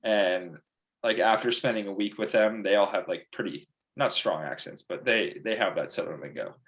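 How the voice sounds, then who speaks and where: Young male co-host with a low voice, chatty and enthusiastic about sports. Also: normal speed, a bit bright, highs cut off. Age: young adult. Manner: enthusiastic, chatty fan talk. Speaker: podcast co-host. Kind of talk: casual sports chat.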